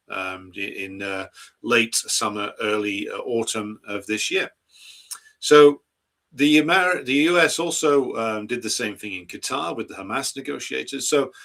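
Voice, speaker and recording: Hosting a political commentary stream, a man argues his case and poses rhetorical questions. His voice runs on the low side, bright and forceful.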